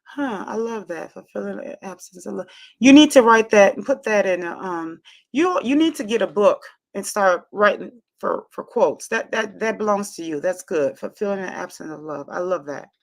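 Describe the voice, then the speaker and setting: A woman's voice: mid-range voice, animated. Woman livestream host, affirming and repetitive as she reads out viewer comments. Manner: warm, affirming, repeats phrases, drawn-out reading of comments. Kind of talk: casual livestream chat.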